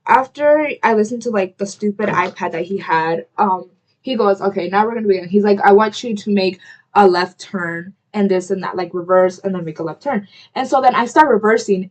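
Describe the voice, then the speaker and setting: A woman's voice: mid-range voice, a little mellow. A young woman telling a story while getting ready at home, rambling with lots of "like" and breaking off to apologize. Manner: rambling, heavy use of "like", self-interrupting; quick to apologize, chatty asides to camera. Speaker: vlogger.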